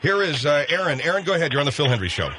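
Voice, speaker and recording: A man's voice: fairly high pitch, big pitch swings, rapid-fire. Wry male radio host, hissy recording. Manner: wry, skeptical interviewer. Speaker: radio talk show host. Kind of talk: comedy talk radio.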